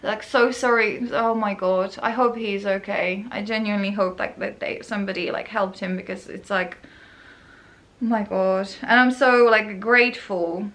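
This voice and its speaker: A podcast host tells a personal story casually and in a rambling way, packed with fillers, and acts out other people's voices. Her voice is medium in pitch and a bit bright, with fairly even intonation and a moderate pace.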